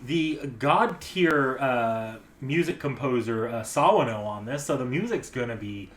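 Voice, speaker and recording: Sarcastic host with lively swings in an echoey room. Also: mid-range voice, unhurried. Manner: sarcastic, deadpan jokes. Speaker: podcast host. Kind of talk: casual chat.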